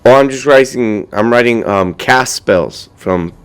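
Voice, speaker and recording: Man telling a story, casual and animated. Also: medium pitch, measured pace, smooth. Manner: animated storyteller, swears a lot, acts out quotes. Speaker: podcast co-host.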